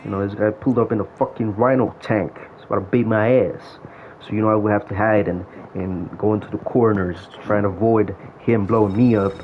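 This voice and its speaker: A man's voice: lowish voice, fairly even intonation, brisk. A man ranting in a casual, profane storytelling way about old times in an online game. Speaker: gaming vlogger. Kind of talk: casual rant. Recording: dull lo-fi audio with faint noise.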